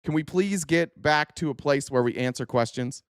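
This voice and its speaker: A man's voice: fairly high pitch, moderate pace, smooth, dry recording, studio quality. A man hosting a political livestream, reacting to a hearing clip in an angry, profane rant aimed at his chat. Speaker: political commentary host.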